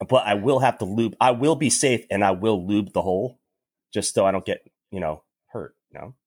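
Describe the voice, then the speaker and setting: Low husky man from New York, dry close sound, crude joker in casual chat. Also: normal speed, darkish tone, no room sound. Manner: crude, joking, laughs often. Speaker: podcast co-host.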